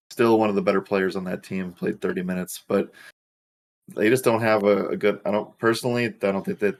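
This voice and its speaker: A man with a low voice talks sports casually as a co-host. He makes his case with numbers and firm opinions. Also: vocal fry. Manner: opinionated, builds arguments with stats. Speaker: co-host of a sports betting show.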